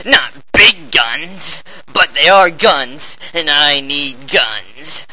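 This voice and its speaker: A man giving over-the-top, theatrical narration while playing a shooter game, full of shouty bravado. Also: on the high side, very animated, slow pace, low-quality recording. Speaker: game player. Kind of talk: hammy gameplay narration.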